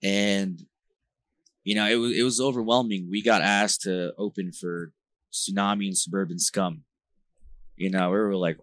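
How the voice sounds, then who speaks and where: A man with a very low voice chats loosely as a podcast guest, leaning on "like" and "bro" as he rambles through stories. The sound is close and dry, with no room echo. He grew up in New Jersey. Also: a little slow. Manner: rambling, filler-heavy slang talk with frequent "like" and "bro"; animated, gets louder when retelling tense moments. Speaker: band vocalist, podcast guest. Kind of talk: casual conversational storytelling.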